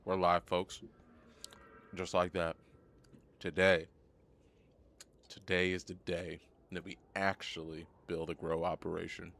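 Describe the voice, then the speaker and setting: A hoarse, sick young man streaming live gameplay, chatting casually and rambling, often repeating himself. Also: low voice, level tone, slow, pauses often, fairly bright tone. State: hoarse from a cold.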